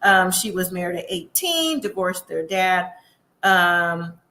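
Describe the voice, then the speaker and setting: Sassy, bright-voiced woman recapping reality TV. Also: on the low side, very animated, slow pace. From US West Coast. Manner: chatty, sassy, talks to viewers directly. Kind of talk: casual recap commentary. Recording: echoey room.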